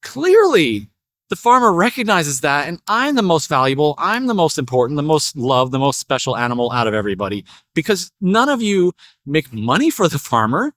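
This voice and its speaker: A man's voice: a little high, very animated, normal speed, a bit bright, dry recording, clean studio sound, voice pushed down. A man voicing a boastful farm cow who brags about her milk in a self-important, rambling way. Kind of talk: storytelling parable.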